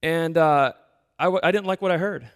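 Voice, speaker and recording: Male pastor, sermon, conversational, animated, fairly high voice, long church reverb. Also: moderate pace, smooth. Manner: conversational, self-deprecating, animated storytelling. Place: church sanctuary.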